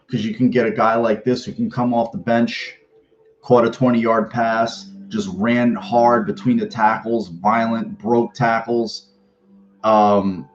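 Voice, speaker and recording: A man's voice: fairly low pitch, muffled recording. A man hosting a fan sports podcast in a casual, rambling way, swearing freely and restarting his sentences often. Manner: rambling, profane, with many restarts and fillers.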